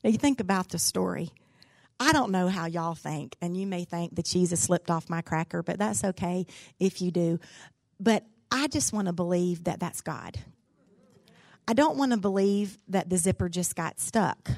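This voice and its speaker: A woman's voice: on the low side, moderate pace, gravelly, a little mellow, no room sound. A woman, a pastor's wife giving a devotional talk in a folksy, candid, humorous storytelling way. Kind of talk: sermon-style devotional storytelling.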